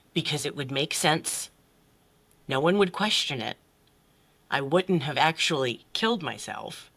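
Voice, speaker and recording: A woman's voice: low-pitched, a bit bright. A middle-aged woman, a podcast guest and life coach, telling her story bluntly with swearing and acted-out quotes. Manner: blunt, swears freely, acts out quotes with big voices. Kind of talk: candid personal story in conversation.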